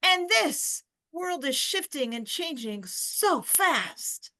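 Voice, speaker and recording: Woman reading as older male president, put-on Southern accent, slow emphatic delivery, high bright voice. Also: sing-song, exaggerated voice. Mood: earnest. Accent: put-on Southern American. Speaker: reader. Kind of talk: reading a historical phone call aloud.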